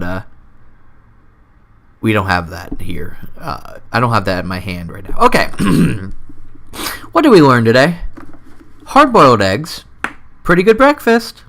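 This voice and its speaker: On his own comedy show, a man rambles through a silly monologue poking fun at himself, recorded on a close desk mic. His pitch and volume keep leaping up and falling away.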